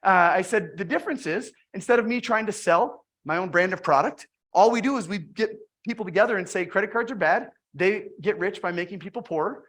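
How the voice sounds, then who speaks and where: A woman's voice: mid-range voice, a little fast, few pauses. A woman giving a motivational direct-sales talk, retelling her conversations with lots of restarts and repeated words. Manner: energetic storytelling with frequent restarts.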